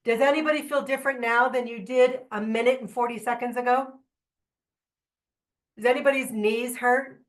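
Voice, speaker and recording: A woman trainer giving a lively, candid workshop talk to a live audience, with joking asides and questions to the room. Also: fairly high pitch, moderate pace, long pauses. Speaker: trainer presenting at a symposium.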